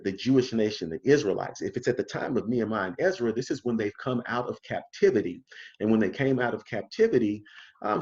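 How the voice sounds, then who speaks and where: A man's voice: fairly low pitch, darkish tone, dull audio. A man teaching a casual Bible study, emphatic and full of rhetorical questions.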